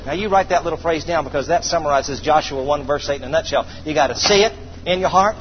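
A man preaching a sermon to a congregation, calling for responses and praising, slowing down to read scripture. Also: a little high. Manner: call-and-response, exclamations of praise. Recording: dull distant hall sound, faint noise.

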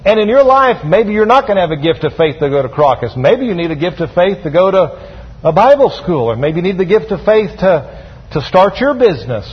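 A man's voice: high-pitched, sing-song, brisk, husky. A man preaching a sermon as a pastor, calling on the congregation to answer back. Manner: preaching with call-and-response to the congregation. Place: church sanctuary. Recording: dull sound with long hall reverb.

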